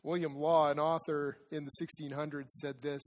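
A chatty pastor preaching in a reverberant church. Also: male voice, fairly high pitch, level tone, moderate pace, few pauses. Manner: conversational, with personal stories and asides; reads scripture aloud with emphasis. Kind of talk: sermon.

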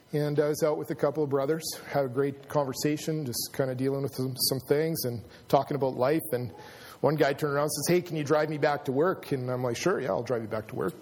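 A man's voice: fairly high pitch, a little mellow. Man preaching with hall echo. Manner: storytelling, builds to emphatic preaching. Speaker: pastor. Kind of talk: sermon. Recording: long hall reverb.

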